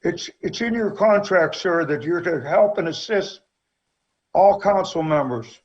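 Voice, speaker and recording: This is a man with a notably high voice, heard as a council member pressing insistently for answers. The recording sounds dull and lo-fi. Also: measured pace, darkish tone. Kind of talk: council meeting debate.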